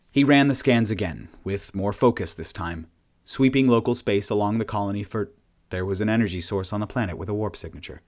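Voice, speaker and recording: A man narrating a science fiction audiobook in a steady, plain storytelling manner. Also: on the low side, fairly quick.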